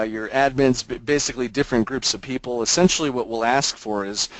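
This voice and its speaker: A man's voice: mid-range voice, dry recording, poor audio. Brief: male webinar presenter, casual explainer, dry close-miked sound. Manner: casual explanatory, frequent fillers. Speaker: product demo presenter. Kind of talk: webinar software demo.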